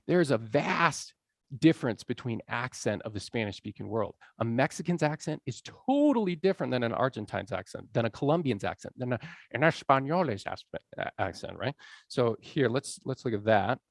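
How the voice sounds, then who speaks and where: A man's voice: medium pitch, very animated, normal speed, no echo, clean studio sound. Chatty man giving a college lecture. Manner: conversational, often checking in with "right?". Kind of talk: public lecture.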